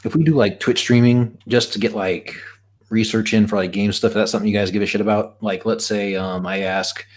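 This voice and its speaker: A man's voice: fairly low pitch, fairly even intonation, fairly quick. A man hosting a stream, chatting casually and joking, rambling with fillers and restarts. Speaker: stream host. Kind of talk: casual group chat.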